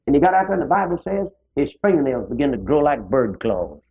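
A man's voice: medium pitch, big pitch swings, fast, husky. A man preaching a sermon, rising now and then to fervent exclamations. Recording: dull lo-fi recording.

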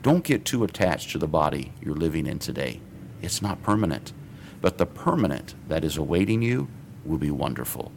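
A radio pastor, a man, gives an earnest, measured Bible teaching and reads scripture aloud in old King James phrasing. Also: rumbling low, big pitch swings, gravelly, darkish tone, a little hiss or hum.

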